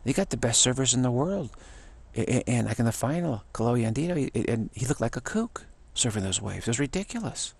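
A man hosting a casual talk, his voice gravelly and somewhat husky at an ordinary pitch. He wanders through his thoughts, repeats key phrases, and trips over word starts, lifting into animated bursts. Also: fairly quick, dry recording. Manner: loose and repetitive, restarts words, animated when excited. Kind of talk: casual rambling monologue.

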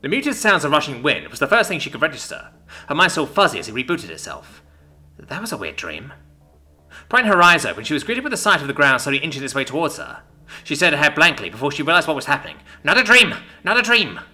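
Male narrator, expressive story reading, very lively pitch, bright tone, soft music underneath. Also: fast talker.

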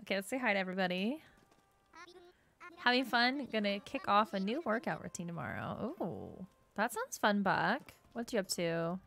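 A woman's voice: medium pitch, big pitch swings, moderate pace, creaky. A young woman giving casual gameplay commentary, bubbly and gushing, with lots of filler words. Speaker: gaming YouTuber. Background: soft game music.

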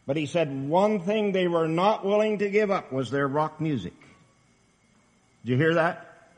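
A man's voice: a little high, lively intonation, measured pace. A man preaching a sermon in an emphatic, earnest, exhorting manner. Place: church camp meeting hall. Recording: reverberant hall.

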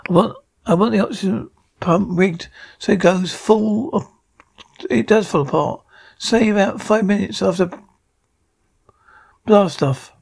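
A man's voice: sits high, unhurried, gravelly, long pauses, a little mellow, husky, full character voice. A man voicing a ruthless space pirate leader who gives orders curtly. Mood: commanding.

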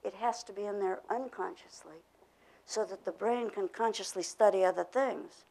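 A woman's voice: medium pitch, moderate pace, vocal fry, warm tone, poor audio. An older woman presenting a pronunciation workshop, explaining ideas and leading the group in spoken drills. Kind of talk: teaching a workshop. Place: workshop room.

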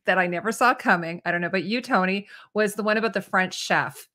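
A woman's voice: medium pitch, fast, pushed and bright. A woman hosting a casual livestream chat, talking loosely with lots of fillers and reading viewer comments aloud. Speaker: host.

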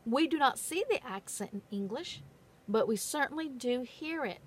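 A woman giving a phonics lesson in a patient, deliberate way, stressing the key words. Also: high-pitched, animated, husky. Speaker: phonics teacher. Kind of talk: slow, careful classroom instruction.

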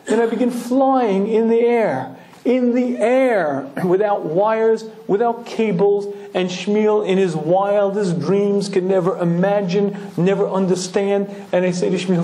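A male Torah lecturer telling a lively story, clearing his throat often. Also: sits high, a little slow. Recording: roomy echoing hall.

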